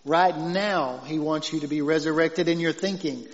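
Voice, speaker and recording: A man with a Southern accent preaching a conversational sermon as pastor, growing loud and emphatic as he quotes scripture, often chuckling. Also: on the high side, steady tone, normal speed. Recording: dull long reverb, lo-fi church hall.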